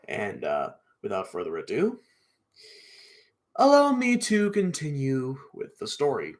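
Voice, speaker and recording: Slow, bright male storyteller with a strained throat. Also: mid-range voice, huge pitch swings. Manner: halting, with restarts and pauses. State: strained throat, clearing it often. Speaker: storyteller and live streamer. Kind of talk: reading a children's book aloud on a live stream.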